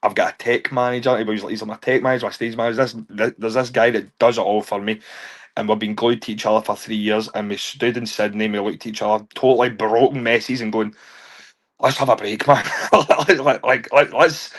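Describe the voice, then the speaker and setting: A man's voice: fairly low pitch, flat delivery, fast talker. A man in his thirties, telling stories in a casual podcast chat, laughing often and tripping over repeated words. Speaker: guest, touring stage show creator.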